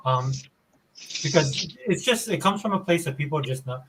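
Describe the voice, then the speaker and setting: A man's voice: fairly high pitch, animated, moderate pace, background noise. A man co-hosting a podcast in a laid-back, slangy way, calling people dude and bro. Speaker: podcast co-host. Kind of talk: casual podcast chat.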